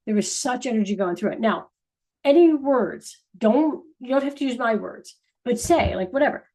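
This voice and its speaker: A woman giving a casual spiritual talk to her viewers as a channeler, earnest and rambling, often restarting and trailing off softly. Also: a little high, animated, normal speed, low-quality recording.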